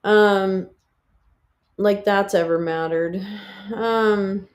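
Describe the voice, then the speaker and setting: A woman's voice: medium pitch, steady tone, extremely slow. A woman hosting a livestream, talking in a candid, rambling way with swearing and laughs. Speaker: livestream host. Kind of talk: casual livestream chat.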